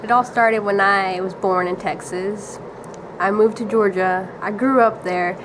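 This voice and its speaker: A teenage girl rambles through a casual story, giggling and filling gaps with "like". Her voice sits at an ordinary middle pitch. There is steady hiss and background noise on the recording. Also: a little slow. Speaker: vlogger.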